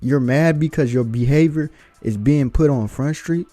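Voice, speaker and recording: A man's voice: mid-range voice, moderate pace, mellow, dry recording, faint music behind. A man hosting a reaction video, giving blunt, lecturing commentary. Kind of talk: opinionated commentary.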